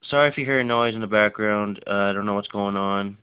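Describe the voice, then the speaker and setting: A tired man talks casually, full of fillers and rushed asides, in a smooth, resonant voice. The recording sounds dull and lo-fi. His delivery is loose and unscripted, as if he is showing things off as he goes. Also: lowish voice. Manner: rambling, filler-heavy, rushed. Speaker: game collection vlogger. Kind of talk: casual unscripted show-and-tell.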